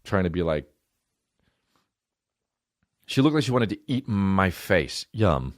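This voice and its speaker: A man's voice: low voice, takes it slowly, no room sound, studio quality. A man in his thirties hosting a solo comedy podcast, rambling, swearing constantly, losing his thread. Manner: profane, rambling, animated.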